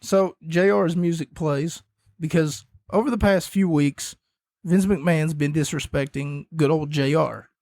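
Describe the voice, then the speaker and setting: A man's voice: on the high side, steady tone, a little slow, darkish tone, dry recording. Rambling man recapping wrestling, dry close mic. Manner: rambling, self-correcting, coughs between points. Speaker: podcast host.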